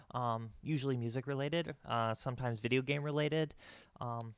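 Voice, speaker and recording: Gravelly-voiced woman hosting, teasing. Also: rumbling low, noisy background. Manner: teasing, laughs often. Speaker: host of a monthly composition masterclass. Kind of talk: casual livestream interview.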